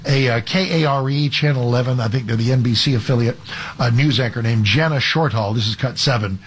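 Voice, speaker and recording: A man's voice: medium pitch, brisk, breathy edge. A man hosting a talk radio show as a fill-in, talking in a conversational, argumentative way with frequent restarts. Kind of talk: conservative talk radio commentary.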